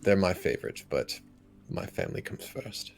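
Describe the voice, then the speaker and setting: A man playing his character in a tabletop game, speaking in an earnest, formal, halting way. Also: low voice, very animated, creaky. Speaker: player. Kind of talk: in-character tabletop role-play.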